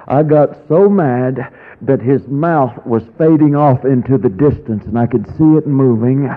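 A male preacher tells a personal story during a sermon in a medium-pitched, slightly slow voice. His delivery is dramatic and drawn out, with sudden rises, and the audio sounds like a tinny, phone-like radio broadcast.

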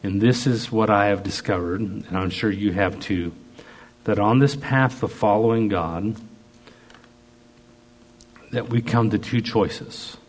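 A man preaching a sermon, slow and emphatic, piling up repeated phrases. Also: fairly low pitch.

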